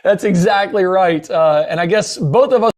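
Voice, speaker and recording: High-voiced, effusive male webinar host. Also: moderate pace, a little mellow. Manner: eager and effusive, with many fillers. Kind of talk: upbeat guest introduction.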